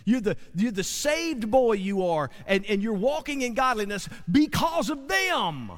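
Animated high-voiced preacher. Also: male voice, measured pace. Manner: animated, preachy with call-and-response asides. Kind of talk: sermon. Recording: long hall reverb.

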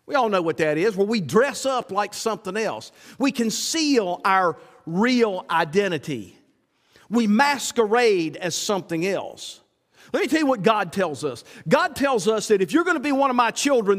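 A man's voice: high-pitched, very animated, moderate pace. A man preaching a sermon as a pastor, asking rhetorical questions and repeating himself as he builds his points. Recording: long hall reverb.

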